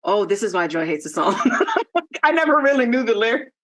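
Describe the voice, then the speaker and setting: A woman in casual chat, animated and laughing often, acting out quoted lines. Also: mid-range voice, a little fast.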